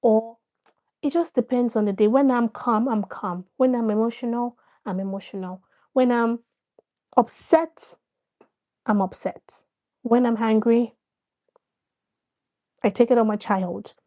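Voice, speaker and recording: A woman's voice: fairly high pitch, measured pace, pauses often, warm tone. A woman hosting a casual live stream, addressing her viewers directly, coaxing them to respond and often repeating herself.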